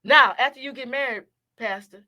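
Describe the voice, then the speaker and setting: A woman hosting a Christian talk show, asking questions in a playful, animated way and cheering her guest on. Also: a little high, moderate pace. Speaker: host. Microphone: studio microphone.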